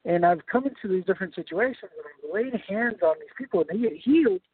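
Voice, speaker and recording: Male preacher, high and animated, husky tone, teaching sermon, phone-like dry audio. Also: fast talker, no echo. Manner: explains step by step, often checking in with "right?". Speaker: preacher leading a Bible study. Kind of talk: sermon-style Bible teaching. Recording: tinny phone-like sound, dry.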